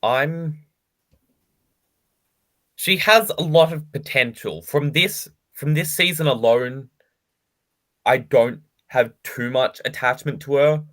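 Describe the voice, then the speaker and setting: A man co-hosting a casual podcast chat, speaking in a measured way and starting his points hesitantly. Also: medium pitch, a bit bright. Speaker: podcast co-host.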